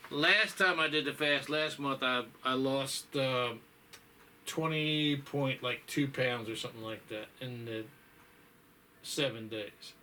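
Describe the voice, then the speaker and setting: A man's voice: mid-range voice, slow, sharp tone, slight background noise. A man chatting casually to his viewers in a folksy, rambling way, tired and yawning, with lots of fillers and sighs. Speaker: vlogger. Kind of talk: casual chat.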